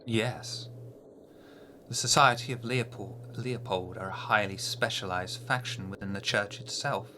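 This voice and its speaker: A man's voice: on the low side, sharp tone, a little hiss or hum. Man doing a cold, menacing mysterious woman. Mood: ominous. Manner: measured, ominous warnings.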